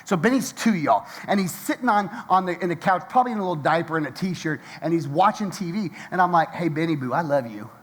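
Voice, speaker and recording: Man, pastor, sermon, lively storytelling, husky voice. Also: sits high, quick pace, few pauses. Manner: lively storytelling, acts out quotes, laughs often.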